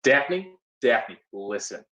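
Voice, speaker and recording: An apologetic, stammering actor. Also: male voice, medium pitch, big pitch swings, drawn-out words, fairly bright tone, muffled recording, heavily acted. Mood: placating. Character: placating fellow actor Cliff. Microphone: video call. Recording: roomy sound from away from the mic.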